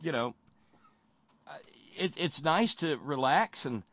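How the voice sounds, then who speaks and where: Male talk show host, animated pitch, slightly raised voice, joking banter, dry close sound. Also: slow pace.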